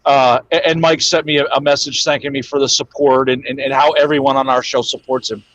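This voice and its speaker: A man speaking as a guest in a casual chat, steady and earnest, often restarting his sentences. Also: mid-range voice, fairly quick. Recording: dull, dry remote line.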